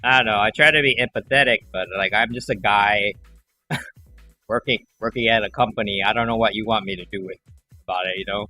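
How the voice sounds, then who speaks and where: A man's voice: on the low side, steady tone, a little fast, sharp tone, soft background music. A young man hosting a livestream, chatting casually and rambling, now and then acting out callers. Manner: rambling, acts out callers in quoted voices. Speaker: livestream host. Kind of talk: casual chat to a stream audience.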